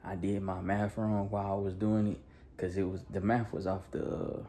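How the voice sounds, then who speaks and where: A man in his thirties preaching a casual, animated storytelling sermon that is full of laughs, with a nervous edge. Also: low-pitched, moderate pace, slight background noise. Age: 30s. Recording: echoey room from a distance.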